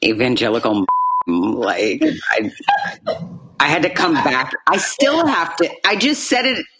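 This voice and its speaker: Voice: medium pitch, sing-song, unhurried, pushed and bright, a little hiss or hum, poor audio. A podcast co-host talking bluntly and outspokenly in casual chat.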